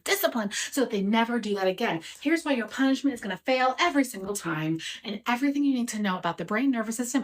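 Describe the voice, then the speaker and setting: A woman parenting educator talking straight to the viewer in an animated, explanatory way, calling them "dear parent". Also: medium pitch, low-quality recording. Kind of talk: explanatory talk to camera.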